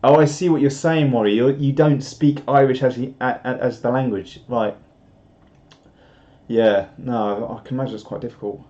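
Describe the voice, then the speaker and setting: Man, live stream host, casual chat, jokey rambling, mellow tone, muffled lo-fi audio. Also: medium pitch, fairly even intonation, moderate pace. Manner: reads viewer comments aloud, jokey and rambling. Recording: dull lo-fi sound.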